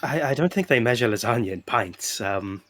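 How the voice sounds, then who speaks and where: A man with a British accent playing a polite, formal rabbitfolk bard who speaks in a measured way. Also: mid-range voice, expressive, a bit bright, no room sound.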